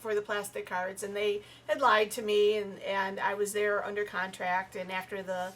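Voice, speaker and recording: In this casual storytelling chat, a woman comedian on a podcast animatedly recounts personal stories and performs the voices of the people involved. She speaks at medium pitch and a moderate pace.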